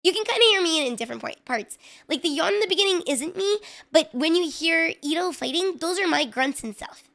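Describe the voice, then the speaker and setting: A woman streamer in casual live-stream chat, excitable and chatty, talking straight to her viewers. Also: extremely high pitch, fairly quick, gravelly.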